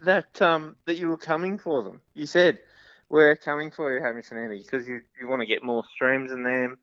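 A man's voice: medium pitch, level tone, moderate pace, a bit bright, dry recording, natural voice. A man playing a cheeky, rambling caller on a comedy phone-in bit, heard over a muffled, lo-fi line. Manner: rambling, giggly. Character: cheeky male caller named Steve. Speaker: prank caller.

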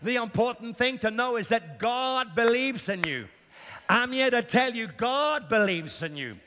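A man delivers a sermon in a very high voice with lively intonation, taking his time while background noise carries on. He hammers points home by repeating lines and prompting the congregation to answer, all under a large hall's long reverb.

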